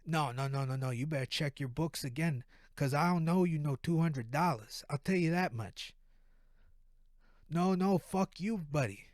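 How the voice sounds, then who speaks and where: A brash East Coast man barks and swears into his phone in a raised, high voice, as a man puts him on. He's belligerent and sounds like he's ready to fight. It's a dry, close recording. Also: moderate pace, no room sound, natural voice. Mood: angry. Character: loud shirtless middle-aged man arguing on the phone.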